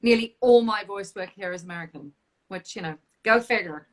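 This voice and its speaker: A woman hosting an interview, chatty and quick to laugh. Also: medium pitch. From South Africa. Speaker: host. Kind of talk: casual interview chat.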